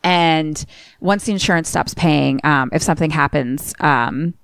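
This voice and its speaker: A woman's voice: deep voice, measured pace, vocal fry, clear, resonant tone, no echo. A woman co-hosting a podcast, casually retelling a film scene by scene and acting out the characters' lines. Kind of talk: casual chat.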